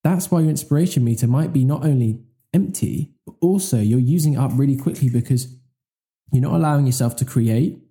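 A man co-hosting a podcast speaks a little fast in a mid-range voice with a dark tone. He's enthusiastic and rambling in this casual chat, frequently correcting himself mid-sentence.

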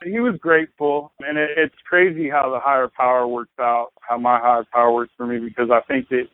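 A man in his thirties talks loosely and rambles, swearing casually as he tells his recovery story. His voice comes through a thin, tinny line that sounds like a phone call. His pitch sits in an ordinary middle range. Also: flat delivery, a little fast. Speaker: podcast guest. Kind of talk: casual conversation.

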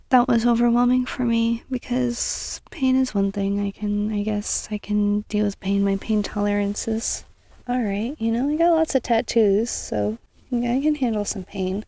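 A young woman hosting a casual self-help podcast, earnest and encouraging, sometimes dropping into soft whispery asides. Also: on the high side, gravelly, dry recording. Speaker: podcast host.

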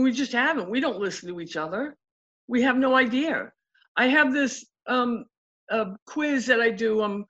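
A woman's voice: a little high, highs cut off. A woman relationship coach in a casual interview, telling stories and acting out what her clients said. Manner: animated, acts out quotes of clients.

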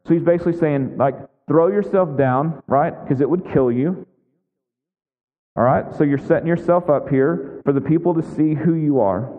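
A man's voice: a little high, normal speed. Conversational male pastor, tinny hall recording. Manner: conversational, with frequent "right?" asides and restarts. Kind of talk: sermon. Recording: tinny lo-fi sound in a big echoing hall.

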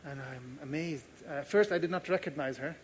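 A man's voice: a little high, fairly quick, a little hiss or hum. A man pastor preaching a sermon, earnest and emphatic, repeating key phrases and telling personal stories.

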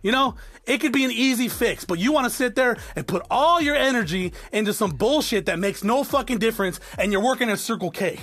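A man with a very high voice rants through a podcast monologue. He swears constantly and stumbles over repeated words as he gets worked up. Faint music plays under him. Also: lively intonation, a little fast, fairly bright tone. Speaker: podcast host. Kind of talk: profane ranting monologue.

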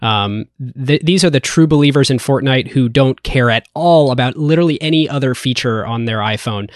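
A man as a podcast guest, talking in a measured, analytical way with frequent fillers. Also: mid-range voice, dry recording, clean studio sound. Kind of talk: casual podcast discussion.

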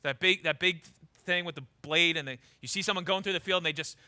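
A man preaching a sermon in a church, emphatic, swinging from loud declarations to low, intense lines, often repeating words as he starts a thought. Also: fast talker. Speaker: pastor.

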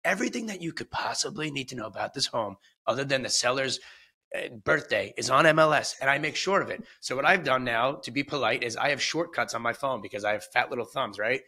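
A man co-hosting a podcast and working as a listing agent, talking in an animated, exasperated way, acting out phone calls and swearing. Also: mid-range voice, fast. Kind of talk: casual podcast chat.

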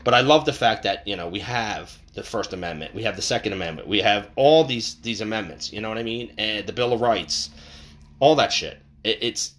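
In an untreated room with slight echo, a man speaks into a boom-hung microphone for a casual podcast monologue. He's rambling and swearing, lurching between loud bursts and mumbled stretches.

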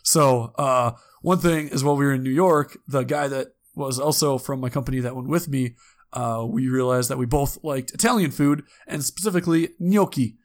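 A man's voice: mid-range voice, normal speed. A man co-hosting a casual chat, telling rambling stories with many fillers and restarts.

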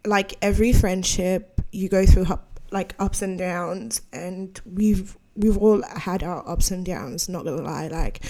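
A woman's voice: fairly low pitch, a little slow, hardly any pauses, warm tone. A young adult woman hosting a podcast in casual chat, candid and heartfelt, full of slang and "like"s. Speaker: podcast host.

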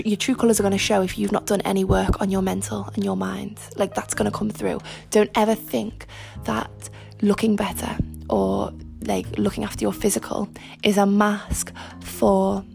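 A young woman talks through her podcast in loose, emphatic chat, laughing at herself as she goes. Her voice carries a gravelly fry and sounds a little husky today, with a faint bed of music underneath. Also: medium pitch, darkish tone. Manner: chatty, self-mocking, emphatic. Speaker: podcast host. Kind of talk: casual solo podcast chat. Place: lying on her front while recording.

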